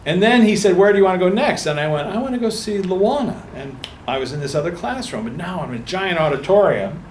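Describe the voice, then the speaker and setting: His voice sits on the high side as he tells a book-talk audience in a meeting room about something from his own life, imitating the people involved. The recording has an echoey, faintly ambient sound with slight background noise.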